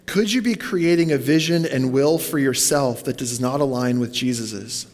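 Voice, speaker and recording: A pastor's mid-range, darkish voice carries a long reverb tail as he preaches at a moderate pace in church. Casual and conversational, he questions the congregation and goes off on tangents.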